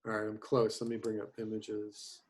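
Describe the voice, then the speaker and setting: A man's voice: on the low side, completely flat delivery, a little hiss or hum. A man in his fifties who teaches animation, chatting casually on a video call and rambling with lots of ums and restarts. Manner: rambling, halting, many fillers.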